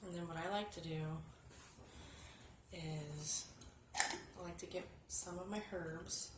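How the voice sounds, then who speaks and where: A woman casually showing a candle spell step by step, chatty and often dropping to a hushed murmur. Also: fairly low pitch, fairly even intonation, slow. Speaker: spiritual vlogger. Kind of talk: casual how-to demonstration. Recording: echoey room with background noise.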